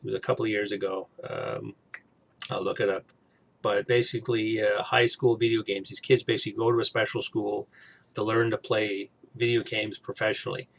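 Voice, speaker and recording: A man's voice: lowish voice, level tone, fairly quick, creaky, fairly bright tone, slight background noise. A man vlogging in a casual chat, rambling with frequent restarts and asides.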